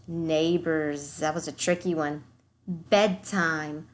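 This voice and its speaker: Woman, teacher voice, upbeat, unhurried, phonics lesson for small kids. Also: low voice, fairly even intonation. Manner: upbeat, sounds out words slowly. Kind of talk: recorded phonics lesson for young children.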